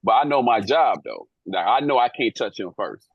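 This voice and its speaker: A man's voice: medium pitch, big pitch swings, moderate pace, creaky, slightly rough, dry recording, dull audio. A man co-hosting a talk show, casually telling a story from his job as an airport officer in a slangy, profane way, acting out the people in it. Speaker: airport police officer and co-host.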